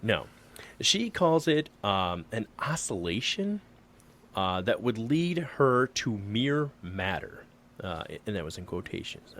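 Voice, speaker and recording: Joking low-voiced man reading aloud. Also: sing-song, slow pace, a bit bright. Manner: joking, self-deprecating, stumbles over words. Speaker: podcast co-host. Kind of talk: casual podcast chat, reading an article aloud.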